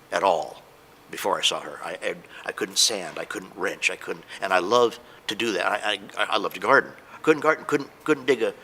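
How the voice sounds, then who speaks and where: A man tells his story as a patient, emotional and hesitant, stumbling through restarts and fillers. His voice sits a little low but sounds bright. Faint noise hangs behind him. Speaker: patient giving a testimonial. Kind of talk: unscripted testimonial.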